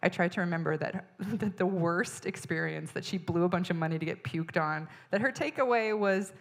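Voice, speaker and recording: Woman stand-up comic with a lowish voice, animated storyteller, exasperated, acts out the people she talks about. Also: normal speed. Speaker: stand-up comedian. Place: stage in front of an audience.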